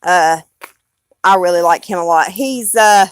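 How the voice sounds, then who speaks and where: A woman's voice: lowish voice, a little slow, clean tone, no room sound. A woman with a Southern US accent chatting casually on a live stream, rambling and blunt, swearing freely.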